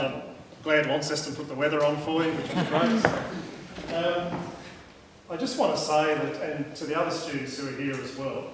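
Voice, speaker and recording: An Australian man in his late thirties gives a chatty welcome speech, frank and a bit repetitive. He is heard from a distance in a very echoey hall with long reverb. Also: fairly high pitch. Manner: chatty, frank, repeats himself. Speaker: real estate agent giving welcome speech. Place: large hall. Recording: echoey hall, distant mic, faint noise.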